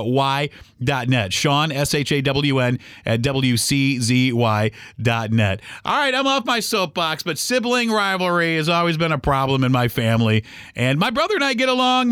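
Middle-aged guy ranting on his podcast, kinda high voice, super dry close mic, lots of restarts. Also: a bit bright, clear, resonant tone, no room sound. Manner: rambling, heated, full of restarts and acted-out quotes. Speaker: podcast host. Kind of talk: solo podcast monologue.

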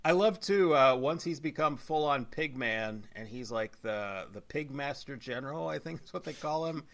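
A man's voice: mid-range voice, animated, moderate pace, gravelly. A man recapping a TV show in casual podcast chat, retelling scenes with lots of "like" fillers and frequent laughter.

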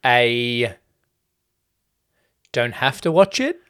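A man's voice: mid-range voice, sing-song, drawn-out words, fairly bright tone, smooth. Rambling man reviewing a film. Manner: rambling, swears casually, retells plots loosely. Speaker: podcast co-host. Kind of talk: casual film-review chat.

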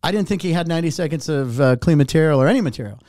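A middle-aged man, a warm-up comedian, telling a story in casual chat, animated and profane, acting out what people said. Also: a little high, rapid-fire, no room sound, studio quality. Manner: animated, profane, acts out quotes.

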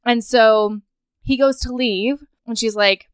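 A woman's voice: on the high side, steady tone, slow pace, smooth, no echo, clean studio sound. A woman co-hosting a casual chat, animatedly retelling a book's plot and acting out the characters' lines. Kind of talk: casual book recap chat.

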